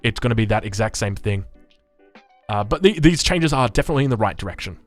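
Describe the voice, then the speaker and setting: An Australian man goes through game patch notes on a live stream, answering his chat with quick chuckles. His pitch swings widely, and the sound is dry and close. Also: lively intonation, dry recording, faint music behind. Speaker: gaming streamer.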